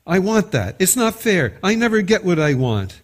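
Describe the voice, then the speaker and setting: A man's voice: high-pitched, sing-song, normal speed, voice pushed up. A man voicing a sulking young child who complains that things are not fair. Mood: whiny. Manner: complaining, pouting.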